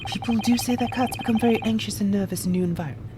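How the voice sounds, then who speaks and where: A woman's voice: medium pitch, racing, background noise, lightly acted. A woman voicing a frightened young Russian woman in a put-on Russian accent, stammering and pleading. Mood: confessing. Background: game music.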